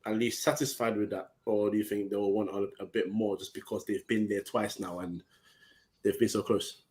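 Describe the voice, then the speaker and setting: A man's voice: on the low side, little pitch movement, moderate pace, a little mellow. A man from Ghana co-hosting a casual football podcast, leading the talk with questions. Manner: leads the discussion with questions. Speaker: podcast co-host.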